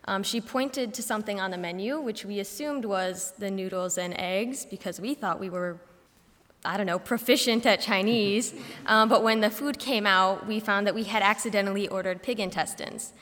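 A young woman student giving an informal class presentation, telling a story in a relaxed, anecdotal way. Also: mid-range voice, moderate pace. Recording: reverberant hall sound.

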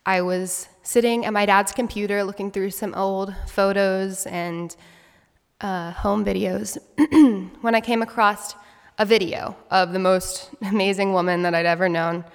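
A young woman in her twenties gives a heartfelt spoken story, earnest and reflective. Her voice sits at an ordinary middle pitch. It rings out with a long reverb, as in a large hall. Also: steady tone, measured pace, creaky, clear, resonant tone. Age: 20s. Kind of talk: personal story speech.

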